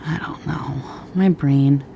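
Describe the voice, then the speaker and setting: A middle-aged woman reading tea leaves in a soft ASMR chat, slightly out of breath, rambling and sometimes whispering. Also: low voice, steady tone, slow, vocal fry, highs cut off, a little hiss or hum. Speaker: tea leaf reader.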